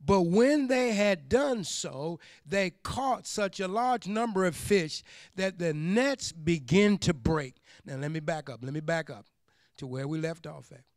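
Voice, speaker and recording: A pastor preaching a sermon, repeating phrases for emphasis and building up to shouts. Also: male voice, high-pitched, lively intonation, unhurried, no echo, studio quality.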